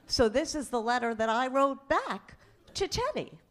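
A middle-aged woman doing a stand-up comedy set on a club stage, telling chatty, animated stories about her kids with mock outrage. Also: sits high, normal speed. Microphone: handheld stage mic. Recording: live club recording with audience. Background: audience laughter and room noise.

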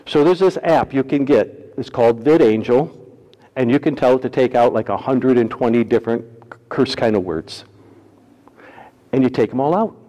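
A man preaching a sermon as pastor, folksy and humorous, swinging between loud emphasis and hushed, quiet lines. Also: mid-range voice, normal speed, in a large hall, low-quality recording.

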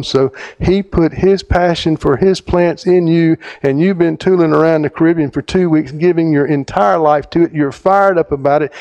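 Middle-aged guy telling a story, kinda high voice, keeps restarting, gets really animated quoting himself. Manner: halting phrasing, restarts mid-sentence. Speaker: theologian speaker. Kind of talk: storytelling talk.

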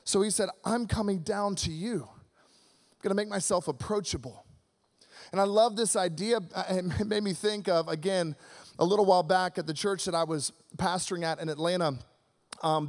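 A man preaching a Christmas sermon with a notably high-pitched voice. He keeps things energetic and conversational, calling out questions to the congregation as he goes. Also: brisk. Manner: energetic, conversational preaching with audience call-outs. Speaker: pastor.

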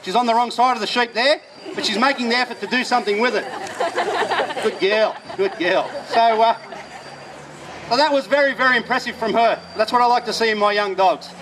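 A man's voice: very high-pitched, fast talker, a crowd in the background, background noise. A man explaining dog training at an outdoor demonstration, talking plainly with short commands to his dogs in between. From Australia. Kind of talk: live outdoor demonstration talk. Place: outdoors at a festival display.

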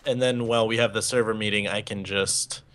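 A man's voice: fairly low pitch, fairly even intonation, fairly quick, fairly bright tone. A man with a Boston accent in easygoing, casual chat with friends while playing a game together online. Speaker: new server member.

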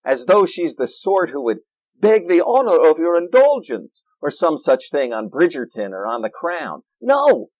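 Lively, slow-paced preaching man. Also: fairly high pitch, no room sound, low-quality recording. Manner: animated, playful preaching with asides and jokes. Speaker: pastor. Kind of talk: sermon. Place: church.

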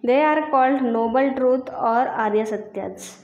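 A woman teacher slowly reading out textbook answers and repeating each one. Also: high-pitched, darkish tone, highs cut off. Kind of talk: slow classroom lesson reading answers aloud. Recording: echoey room.

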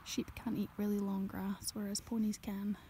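Brief: young woman, soft-spoken ASMR, mellow half-whisper, outdoors in a field, faint noise behind. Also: medium pitch, flat delivery, moderate pace. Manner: gentle and chatty, half-whispering. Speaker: ASMR creator and farmer.

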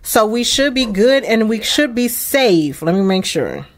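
Excitable woman narrating her game. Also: on the high side, a little slow. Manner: excitable, chatty, emphatic. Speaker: let's play host. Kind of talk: casual gameplay commentary.

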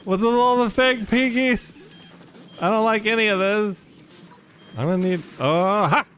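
Faint music plays behind a high-pitched man commentating live as he streams a modded platform game. Excitable and casual, he laughs readily, curses often, and gets loud when caught off guard.

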